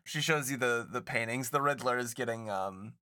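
A man's voice: medium pitch, normal speed, bright, forceful tone, no room sound, clean studio sound. A young man narrating as game master in a rambling way, with many fillers.

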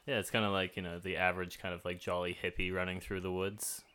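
A man's voice: deep voice, flat delivery, fast talker, sharp tone, smooth. A man playing a tabletop game, talking in a casual, rambling way with frequent filler words. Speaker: player.

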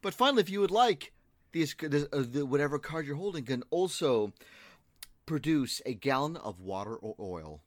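A speaker in casual chat with friends, describing an imagined item in a hesitant, halting way with small restarts. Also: medium pitch, lively intonation, no room sound.

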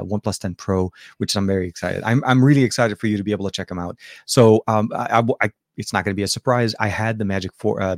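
A man's voice: on the low side, a little mellow, no echo, clean studio sound. A man from Lebanon hosting a tech show, chatting casually and answering viewer questions with many fillers and restarts. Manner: rambling, lots of fillers and restarts.

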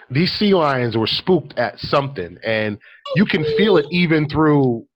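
A man's voice: fairly high pitch, big pitch swings, slow, highs cut off. A man chatting casually on a podcast, telling a story with lots of ums and likes. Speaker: podcast co-host. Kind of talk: casual chat.

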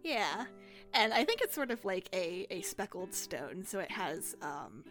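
A woman's voice: mid-range voice, sing-song, measured pace, fairly bright tone. Hedging woman with faint music behind. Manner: hedging, filler-heavy description. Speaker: tabletop game player. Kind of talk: casual tabletop role-play.

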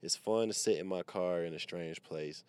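A man with an extremely deep, low-pitched voice talks loosely into a microphone from his parked car. He rambles and wisecracks in a casual, profanity-laced monologue, like a comedian riffing on his own podcast. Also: moderate pace, a little mellow, clean tone, dry recording.

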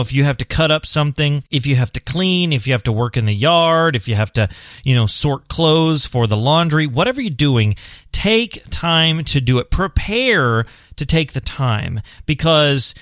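A man's voice: mid-range voice, expressive, moderate pace, fairly bright tone, dry recording. Earnest encouraging man, dry sound. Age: adult, parent of a son. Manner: earnest, encouraging, repeats points for emphasis. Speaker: blind host giving tips to visually impaired viewers. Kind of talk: casual advice monologue.

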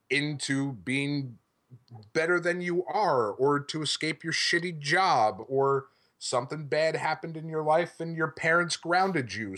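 A man's voice: a little high, sharp tone. A male podcast host in casual chat, rambling enthusiastically and swearing freely. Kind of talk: casual chat about comics.

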